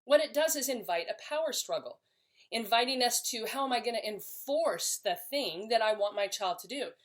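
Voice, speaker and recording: Woman explaining parenting tips to camera, earnest, a bit higher voice, restarts now and then. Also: expressive, moderate pace. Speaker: parenting educator. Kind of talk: instructional talk to camera.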